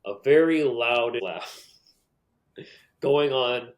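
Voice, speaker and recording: A man's voice: mid-range voice, drawn-out words. A man running a tabletop game as game master, narrating in an easygoing way.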